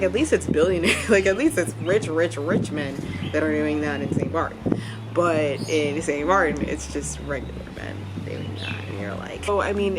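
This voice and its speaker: A young woman chats to camera in a loose, giggly vlog style, stringing thoughts together with likes and ums. Her voice sits low for a woman. Loud music plays under her talk. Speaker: vlogger.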